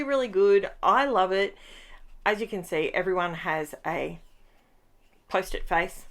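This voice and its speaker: A woman's voice: medium pitch, fairly bright tone. A woman, stuffy from hay fever, chatting casually and rambling as she talks through her scrapbooking. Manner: chatty, rambling, self-mocking. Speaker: scrapbooking channel host. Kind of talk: casual crafting voice-over chat.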